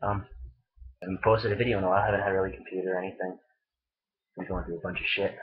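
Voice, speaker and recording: Young male vlogger, husky, a bit low, profane rambling storyteller, lo-fi webcam audio. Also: level tone, racing. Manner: rambling, profane, laughing a lot. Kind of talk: casual storytelling vlog. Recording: dull lo-fi webcam recording.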